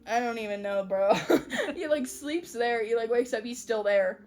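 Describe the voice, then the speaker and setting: Young woman co-host, high, giggly, slangy chat. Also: expressive, moderate pace, a little mellow, soft background music. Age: young adult. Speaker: podcast co-host. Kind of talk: casual chat.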